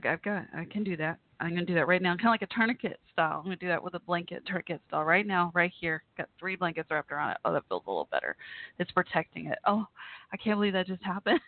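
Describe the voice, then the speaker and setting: A woman's voice: on the low side, no room sound. A woman in her forties hosting a casual live call-in show, rambling and laughing often as she chats with listeners. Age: 40s. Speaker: podcast host. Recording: tinny phone-like line, dry.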